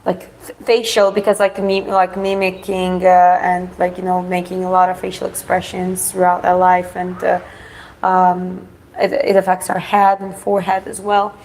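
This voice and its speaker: Halting woman with a gravelly voice. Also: on the low side, completely flat delivery, a little mellow, slight background noise, low-quality recording. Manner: halting, full of fillers and restarts. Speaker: co-host. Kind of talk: casual chat.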